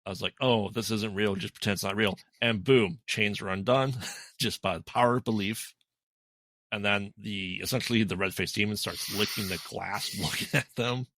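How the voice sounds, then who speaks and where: A podcast co-host with a lowish, steady, slightly bright voice talks at normal speed, casually recapping a film's plot. He rambles and says "um" a lot. The recording is dry.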